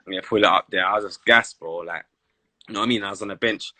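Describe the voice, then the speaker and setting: A young man with a London accent, a former footballer telling stories in a casual sit-down interview, animated and full of street slang. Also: on the low side, fast, dry recording.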